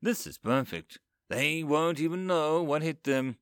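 A man's voice: a little slow, clear, resonant tone, no echo, clean studio sound. A man narrating a comic first-person fantasy story, voicing its characters as he goes. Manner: lively storyteller, raising pitch for quoted characters.

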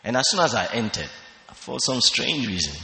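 A man telling his conversion story as a testimony in church, earnest and measured. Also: mid-range voice, sing-song, vocal fry, bright, forceful tone, roomy sound, long reverb tail. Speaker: church member giving testimony. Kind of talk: personal testimony on stage. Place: large church hall.

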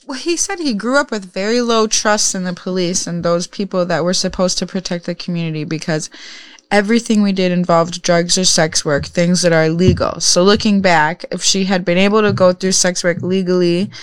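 A woman's voice: fairly low pitch, brisk, smooth, dry recording. A woman hosting a podcast in loose, rambling, frank casual chat. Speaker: podcast host.

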